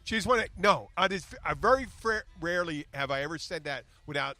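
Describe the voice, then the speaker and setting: Male podcast host, joking, quick to tease; bright, slightly raised voice. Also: on the high side, dry recording. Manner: joking, excitable, teasing. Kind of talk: casual chat. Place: bar in the Florida Keys.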